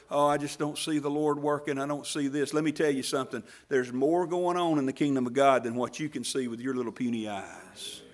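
Delivering a sermon in a folksy way, a man with a slightly high voice acts out quoted speech and shifts from booming emphasis down to almost a whisper.

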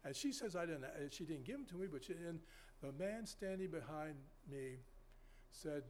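A man preaching a sermon in a folksy, rambling way, with many restarts and sudden loud emphasis. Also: fairly high pitch, lively intonation, normal speed, slight background noise. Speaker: pastor.

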